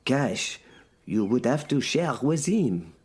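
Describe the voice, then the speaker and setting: A man narrating a comic first-person audio drama in a dry, deadpan, sardonic way. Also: mid-range voice, slow. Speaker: narrator and lead voice of an audio serial.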